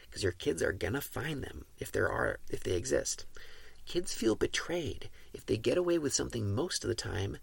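A man with a deeply gravelly, husky voice talks through parenting advice on a podcast. He sounds calm and measured, like someone teaching steadily, and his pitch sits in the middle of the range. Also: dry recording. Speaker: podcast host.

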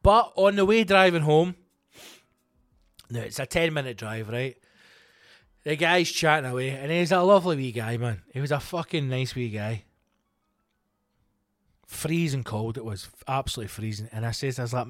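A man's voice: medium pitch, normal speed, long pauses, dry recording, clean studio sound. A middle-aged Scottish man hosting a comedy podcast, telling a self-mocking story full of swearing. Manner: profane, animated, self-mocking. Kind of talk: comic storytelling monologue.

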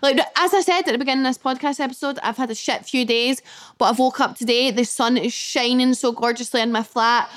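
A young woman with a slightly high voice hosts a solo podcast from home. She talks in a candid, chatty way, swearing now and then as she reacts to comments from her listeners. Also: fairly even intonation, a little fast, a bit bright. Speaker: podcast host. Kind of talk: casual solo podcast chat. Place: her flat, indoors.

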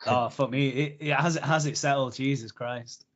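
A man hosts a casual podcast, trading quips and laughing easily. His delivery is relaxed and playful, with an everyday mid-range voice. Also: mid-range voice, moderate pace, dull audio. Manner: jokey, laughs often. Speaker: podcast host.

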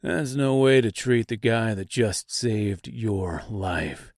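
A tall, plain-spoken tin woodman voiced by a man who answers in an unhurried, dry tone with a sardonic edge. The sound is close and dry, with no room around it. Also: medium pitch, no echo. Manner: flat, sardonic and matter-of-fact. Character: dry, blunt male man made of metal. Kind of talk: audiobook character voice.

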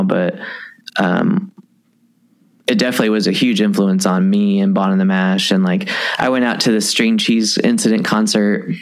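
A man's voice: on the low side, vocal fry. A man in his thirties from Kentucky, a musician talking casually and rambling with lots of fillers. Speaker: musician guest. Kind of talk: casual conversation.

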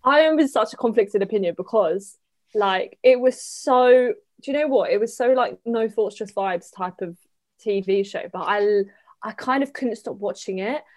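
A woman in a casual podcast chat, animated and gossipy, often slipping into little mimicking voices. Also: medium pitch, normal speed.

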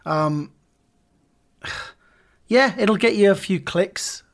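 A British man co-hosting a comedy podcast, telling rambling, animated anecdotes in casual chat. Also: high-pitched, extremely slow. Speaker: podcast co-host.

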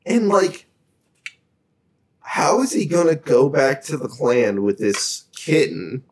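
A man co-hosting a podcast, tossing in wry, joking remarks. He speaks slowly, with a very lively pitch. His mic picks up a roomy echo and a faint hiss. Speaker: podcast co-host. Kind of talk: casual chat, reactions. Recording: roomy, faint background noise.

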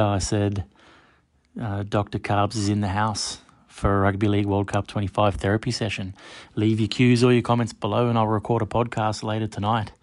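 Male podcast host, low gravelly voice, flat even delivery, dry close sound, chatty and direct with listeners. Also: no room sound. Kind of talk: casual solo podcast monologue.

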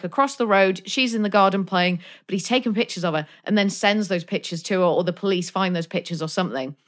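Brief: woman, casual podcast co-host, animated, acts out reactions. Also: medium pitch. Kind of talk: casual film discussion.

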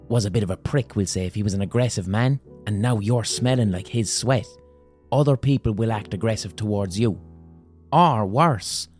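Man, comic podcast storyteller, low mellow voice, rambling and crude, faint music behind. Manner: rambling, crude, self-amused. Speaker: podcast host.

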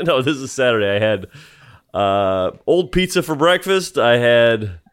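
A man's voice: mid-range voice, expressive, unhurried, smooth. A man co-hosting a podcast, telling a story in casual chat and laughing often. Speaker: podcast co-host.

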